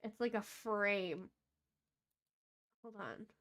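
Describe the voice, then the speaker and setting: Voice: medium pitch, extremely slow, fairly bright tone. A VTuber chatting casually on a game stream, playful and giggly, laughing often between remarks.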